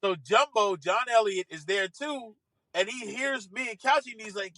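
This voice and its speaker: A man telling a lively story, acting out voices and laughing often. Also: high-pitched, normal speed, no room sound. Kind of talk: animated storytelling.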